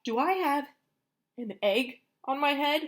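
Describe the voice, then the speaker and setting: A woman's voice: high voice, expressive, a little slow, pitched above the performer's own voice. A woman reading aloud, voicing a worried male elephant who exclaims in panicky questions. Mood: fretful.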